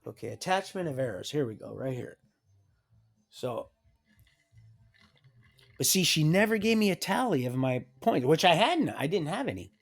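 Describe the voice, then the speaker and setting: A man's voice: fairly high pitch, big pitch swings, normal speed, creaky, pauses often. A man on a livestream telling a personal story in a rambling way, with many restarts and trailing sentences, reading documents aloud and adding wry asides. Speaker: livestream host.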